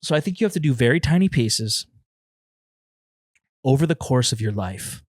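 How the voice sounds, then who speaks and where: A man's voice: mid-range voice, animated, normal speed, no room sound, clean studio sound. A man hosting a comedy podcast alone in his apartment, rambling and self-deprecating, turning emotional now and then. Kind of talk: improvised comedy podcast monologue.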